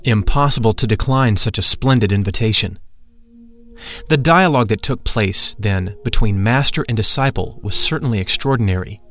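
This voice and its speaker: Man narrating a reverent story over soft music. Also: fairly low pitch. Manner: measured, reverent reading. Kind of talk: scripted narration. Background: faint music.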